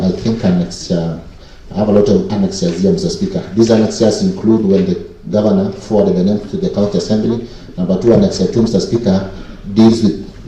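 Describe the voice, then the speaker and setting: A man's voice: deep voice, warm tone. A man from Kenya presenting a committee report in a county assembly, formally addressing the Speaker over and over. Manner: repeats 'Mister Speaker' constantly, formal and deliberate. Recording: echoey chamber, distant mic.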